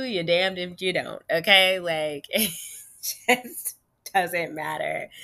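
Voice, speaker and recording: Frank female vlogger, low register with a bright edge, casual "like"-heavy delivery. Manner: chatty, frequent "like" and "you know", addresses viewers as "y'all"; frank and emphatic. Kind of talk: candid personal storytelling.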